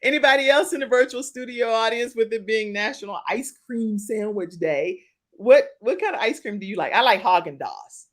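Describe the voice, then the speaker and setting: Chatty woman host with lively pitch. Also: normal speed. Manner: chatty, laughing, reads viewer comments aloud. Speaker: talk show host. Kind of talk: live-stream talk show chat.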